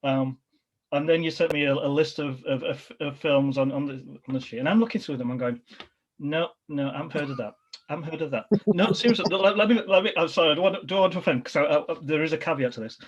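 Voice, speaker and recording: A man's voice: on the high side, fast. A man hosting a podcast interview in a casual, rambling way, often restarting his sentences. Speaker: podcast host. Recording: dull lo-fi recording.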